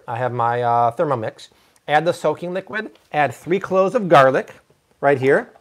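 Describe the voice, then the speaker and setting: A man's voice: on the high side, normal speed. A man hosting a live cooking stream from a kitchen, chatty and full of jokes. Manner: animated, jokey, chatty. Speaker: cooking show host.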